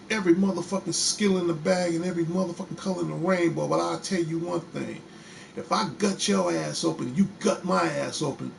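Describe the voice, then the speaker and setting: A man's voice: on the high side, vocal fry, slight background noise. A man from Chicago hosting a live show from his bedroom, ranting in an angry, defiant and profane way and repeating himself. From Chicago, USA. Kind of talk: heated livestream rant.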